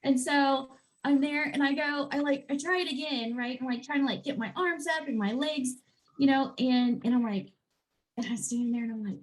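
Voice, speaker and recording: Lively woman coach telling a story. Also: high-pitched, low-quality recording. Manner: animated, quick swings into acted-out inner voices. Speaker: guest health and life coach. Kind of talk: casual storytelling in a podcast interview.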